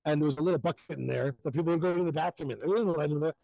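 Fast, lively storytelling man. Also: on the high side, vocal fry, dry recording, rough recording. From Jerusalem. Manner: animated, acts out voices in stories. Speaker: rabbi storyteller. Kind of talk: live outdoor storytelling.

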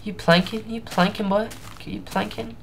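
A man's voice: high-pitched, fairly even intonation, moderate pace, gravelly, fairly bright tone, a little hiss or hum, pitched above the performer's own voice. A man putting on a cocky, taunting mock persona with clipped, sing-song phrasing for game characters.

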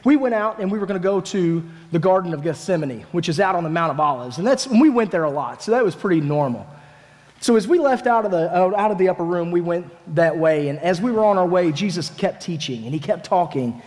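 A man, a families minister, preaching a sermon as a lively first-person story told in the voice of a disciple, with casual, dramatic phrasing. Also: sits high, fast talker. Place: church sanctuary. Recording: echoey church hall.

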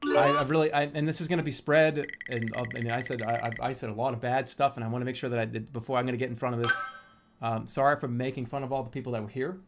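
A man's voice: medium pitch, steady tone, quick pace, noisy background. A young man streaming a game, chatting casually and breaking into theatrical mock-angry rants full of swearing. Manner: theatrical mock-angry ranting, lots of swearing, swings to loud outbursts. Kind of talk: casual live-stream chat while gaming. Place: home streaming setup, seated at a desk. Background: game music.

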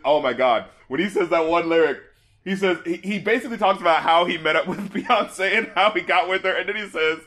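Excitable male podcast host with a high voice, laughing often in casual chat.

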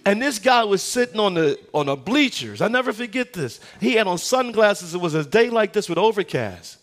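A high-voiced man delivers a sermon as a guest pastor. He tells stories with acted-out voices and leans into slow, weighty phrasing on key points. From United States. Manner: animated storytelling, acts out voices in anecdotes; preaching with dramatic slowdowns on key phrases.

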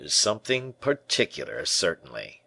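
A man voicing a sly, evasive male bishop in a storybook reading, smooth and guarded. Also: low voice, huge pitch swings, normal speed, sharp tone, dry recording, heavily acted.

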